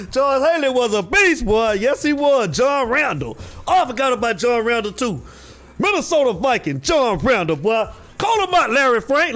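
A man's voice: very high voice, fairly bright tone. A man hosting a casual live stream about football, calling out viewers by name and repeating himself in a loose, drawling way. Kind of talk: casual live sports talk.

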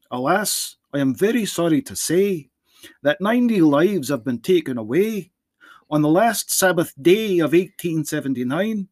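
A priest guesting on a podcast, reciting a poem theatrically in a put-on Scottish dialect. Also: male voice, on the high side, a little mellow, dry recording. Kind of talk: dramatic poem reading.

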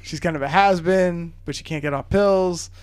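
Slightly high-voiced laid-back man. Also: normal speed, clean tone. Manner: laid-back, dismissive summaries, frequent "yeah". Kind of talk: casual chat.

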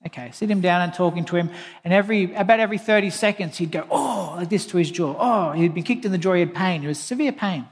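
A man's voice: high voice, quick pace, in a large hall. A man preaching a sermon, telling a personal story in an earnest, plain way and quoting scripture. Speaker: pastor.

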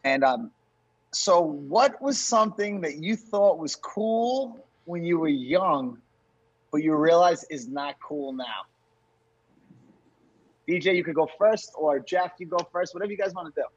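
Husky teasing man, lo-fi sound. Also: fairly high pitch, unhurried. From New York. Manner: teasing, animated. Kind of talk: casual chat.

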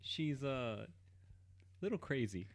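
A man's voice: mid-range voice, expressive, takes it slowly. A man, a player in a tabletop game, chatting casually in a playful, boastful way.

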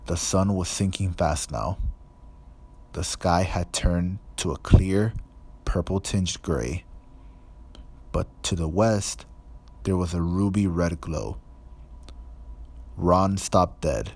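A man reading an audiobook in a measured, even storytelling manner. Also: low-pitched. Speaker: audiobook narrator. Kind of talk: scripted narration.

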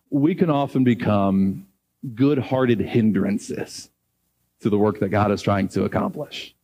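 A middle-aged man preaching a sermon, animated, acting out dialogue and rising high when excited.

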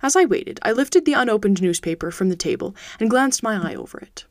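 A woman's voice: mid-range voice, animated, fairly quick, no room sound. Woman narrating a classic story, dry and close. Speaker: podcast host and reader. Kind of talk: audiobook narration.

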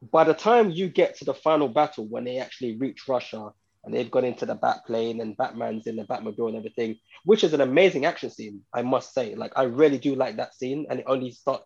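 A husky-voiced man co-hosting a casual podcast, talking through a film review in a rambling, repetitive way with lots of fillers. The audio is muffled and lo-fi. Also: medium pitch, darkish tone. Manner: rambling, repeats himself, many fillers. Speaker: podcast co-host.

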